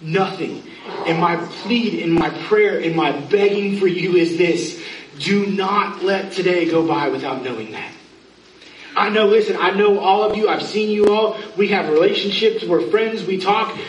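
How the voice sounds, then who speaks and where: Man preaching a sermon, high voice, pleading and earnest, distant mic, roomy echo. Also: normal speed, a little hiss or hum. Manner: earnest, pleading, with self-mocking asides. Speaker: pastor. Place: church sanctuary. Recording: echoey room, from far off.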